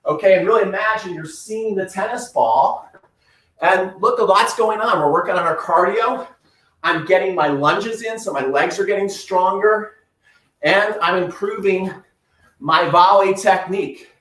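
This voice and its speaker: High-voiced tennis coach in echoey room. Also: male voice, measured pace, a bit bright, far from the mic. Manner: upbeat, coaching while exercising. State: breathing heavily at times. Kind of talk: live-streamed home workout instruction. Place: room at home.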